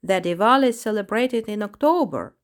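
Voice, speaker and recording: A woman voicing an excitable, talkative male parrot in a storybook, exclaiming brightly. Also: mid-range voice, brisk, lightly acted. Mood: excited. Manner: lively, exclaiming. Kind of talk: storybook reading.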